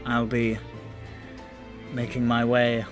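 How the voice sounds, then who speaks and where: A man voicing Orin, a steady male ally leader in a tabletop game, talking calm and measured. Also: medium pitch, over music, pitched below the performer's own voice, lightly acted. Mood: calm resolve.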